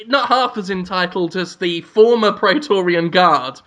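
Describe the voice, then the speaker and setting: A man's voice: sits high, unhurried, bright, forceful tone. A man co-hosting a comedic podcast, laying out absurd mock-grand schemes with a straight face. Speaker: podcast co-host.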